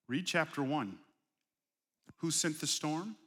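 A middle-aged man preaching in a high, ringing voice that carries a lot of edge and brightness. He talks through his sermon like a story, punching key words loudly, then dropping to hushed, low asides. The sound is a live recording with long reverb trailing off the walls of a large sanctuary. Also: slow pace, pauses often, breathy edge. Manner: conversational preaching with anecdotes, swings from loud emphasis to low asides. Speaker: pastor.

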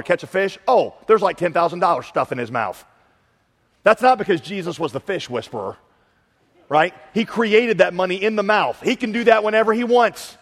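High-voiced man preaching in a hall. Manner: animated, emphatic, plays with his voice. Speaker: pastor. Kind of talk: sermon. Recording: long hall reverb.

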